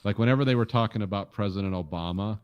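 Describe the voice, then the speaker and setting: A man co-hosting a podcast in casual chat, relaxed and wryly amused. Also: lowish voice, quick pace, clear, resonant tone, lo-fi sound. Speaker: podcast co-host.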